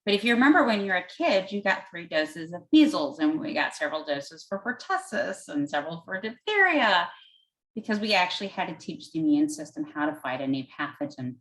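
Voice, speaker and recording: A woman's voice: fairly low pitch, sing-song, fairly quick, a bit bright, low-quality recording. A woman physician answering audience questions, explaining step by step in plain words with everyday comparisons and an occasional "um" as she thinks aloud.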